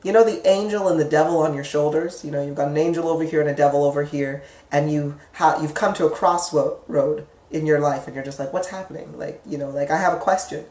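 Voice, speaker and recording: A woman giving a casual spoken lesson on the mind, chatty and lively, acting out inner voices with sudden leaps up in pitch. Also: a little fast, hardly any pauses, far from the mic. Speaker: psychic teacher. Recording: echoey room, speaker away from the mic.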